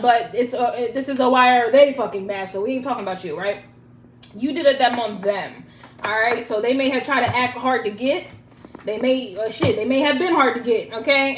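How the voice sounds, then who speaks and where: A woman's voice: sits high, moderate pace. A young woman giving a casual, profane and playful tarot reading, with chanted rhymes. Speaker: tarot reader. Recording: echoey room with loud noise.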